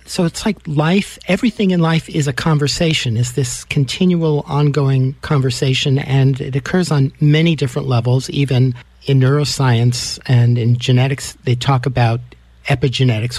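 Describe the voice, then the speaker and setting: A man's voice: medium pitch, darkish tone, no room sound. A man as interviewer, thoughtful and enthusiastic as he frames his questions. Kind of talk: conversational interview.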